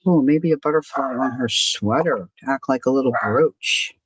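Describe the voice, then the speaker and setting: Husky and extremely low-pitched, a woman talks at a normal speed while crafting on her casual art journaling livestream. She chats to herself and greets viewers by name, and the audio has no room sound.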